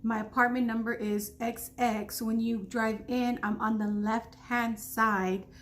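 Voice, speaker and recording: A woman tells a story to her camera, slightly high-pitched and earnest. She keeps restarting sentences and acts out the quoted voices. A faint hum sits under the recording. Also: flat delivery, unhurried. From Texas. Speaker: vlogger. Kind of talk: storytime vlog.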